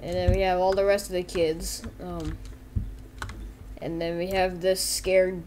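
A woman commenting on her game roleplay in a rambling, jokey way, with quick asides, at her computer on a desk mic. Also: on the low side, little pitch movement, a little mellow, a little hiss or hum. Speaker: gameplay video creator.

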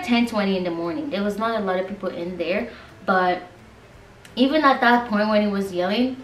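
Animated woman from Nigeria, roomy sound. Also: medium pitch, far from the mic, slight background noise. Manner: animated, talks straight to viewers, lots of "like". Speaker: vlogger. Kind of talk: casual storytime monologue. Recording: roomy sound, mic set back from her.

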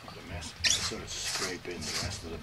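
A man's voice: low voice, steady tone, a little fast. A man making bread in a kitchen, talking casually through each step with self-mocking jokes. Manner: self-mocking, joking asides. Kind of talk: casual cooking demonstration. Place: home kitchen. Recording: loud background noise, running water.

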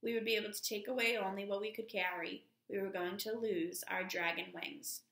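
A woman teacher reads a novel aloud at a steady pace, calling out page numbers as she goes. Her voice is bright with a gravelly edge. It rings in an echoey room. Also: mid-range voice, brisk. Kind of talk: reading a novel aloud to a class.

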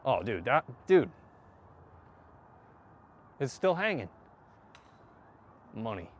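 A man chatting casually to viewers while hitting golf balls, excitable and self-mocking, swearing often and breaking into loud outbursts. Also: mid-range voice, very slow, slight background noise. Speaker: golf vlogger. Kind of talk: casual range-session chat to viewers.

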